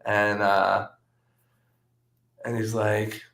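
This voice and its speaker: Bright-voiced man telling trading stories. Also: on the low side, extremely slow, vocal fry. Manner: relaxed anecdotal, frequent "um" and "like". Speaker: trader and guest. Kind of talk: casual storytelling. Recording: roomy echo.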